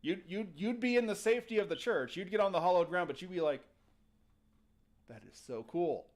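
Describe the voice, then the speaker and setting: On a casual podcast, a man whose voice sits high tells a ghost story at a fast clip. His delivery is animated and full of jokes, and he performs the quoted lines.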